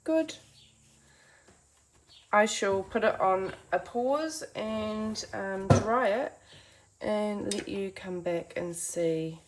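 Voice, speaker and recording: A woman's voice: medium pitch, slow pace, very noisy. A woman giving a chatty, encouraging painting tutorial from her home art studio, talking to viewers as friends. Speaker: art teacher.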